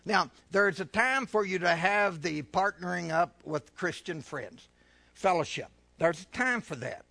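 Gravelly-voiced man preaching a sermon. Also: expressive, no echo. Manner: reads scripture slowly and loudly, asides in a lower voice; addresses listeners as folks, with fillers.

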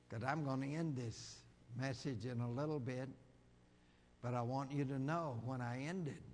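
Impassioned preacher in an echoing church hall. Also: male voice, a little hiss or hum. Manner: impassioned preaching, rising to loud high cries. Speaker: pastor. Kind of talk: sermon. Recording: long reverb of a church hall.

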